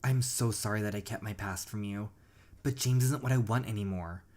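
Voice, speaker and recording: A heartfelt young woman opens up to her husband in a romantic story game, as the gamer playing it reads her part aloud. The delivery is sincere and apologetic, at a middle pitch. It is plain reading, not a big put-on voice. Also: moderate pace, darkish tone, natural voice.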